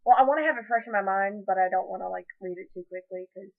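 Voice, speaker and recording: A woman's voice: mid-range voice, fast, creaky. Emotional young woman vlogging, tinny audio. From United States. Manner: emotional, rambling, many fillers and restarts. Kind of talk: casual reflective vlog. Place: at home, indoors.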